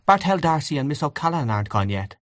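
A man's voice: on the high side, sing-song, quick pace, no room sound, studio quality, pitched above the performer's own voice. A man voicing a playful, arch young woman in a storybook reading. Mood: teasing.

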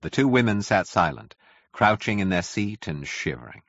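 A man reading a classic novel aloud as a narrator, with dramatic, expressive storytelling. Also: deep voice, normal speed, dry recording, lo-fi sound. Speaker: audiobook narrator.

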